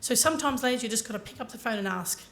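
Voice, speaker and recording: A woman's voice: on the high side, animated, very fast, creaky, fairly bright tone. A woman giving a motivational talk to a conference audience, telling her story earnestly and speaking directly to the listeners. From Ireland.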